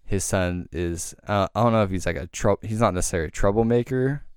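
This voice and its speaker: Deep, smooth-voiced man telling a rambling story. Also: quick pace, no room sound, clean studio sound. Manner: rambling, profane, heavy filler words. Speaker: podcast host. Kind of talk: casual storytelling.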